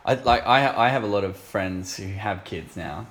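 A man's voice: lowish voice, normal speed, fairly bright tone. A man co-hosting a casual podcast in an easygoing, joking way. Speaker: podcast co-host. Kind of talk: casual chat.

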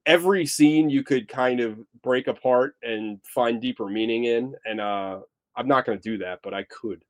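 A man chatting casually about a film, rambling and restarting his sentences with animated asides. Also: mid-range voice, moderate pace, no echo. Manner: rambly, self-interrupting, animated. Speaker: podcast co-host. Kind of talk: casual film review chat.

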